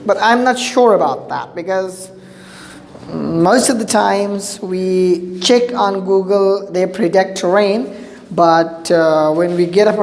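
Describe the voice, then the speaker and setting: Female teacher, patient explainer with filler pauses; roomy echo, faint hiss. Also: medium pitch, a little mellow. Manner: patient, repeats points, frequent "uh" fillers. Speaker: English teacher. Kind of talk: explanatory grammar lesson. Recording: echoey room with faint hiss.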